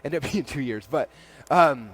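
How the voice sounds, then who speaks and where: A man in his forties giving an energetic keynote talk on a conference stage, acting out dialogue in quick quotes and peppering his speech with "like.". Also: a little high. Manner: animated, acts out dialogue in quick quotes, frequent "like". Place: large event stage before a live audience.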